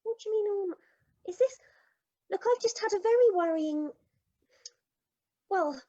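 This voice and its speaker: A woman's voice: very high voice, animated, normal speed, dark tone, dull audio. A woman playing a defensive, matter-of-fact wife. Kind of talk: live improv comedy. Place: live stage show.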